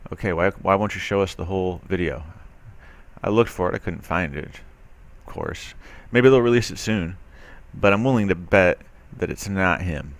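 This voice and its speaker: Here a commentary host with a deep voice reads a news piece at normal speed. He picks it apart with sarcasm and doubt, talking loosely with plenty of fillers and restarts.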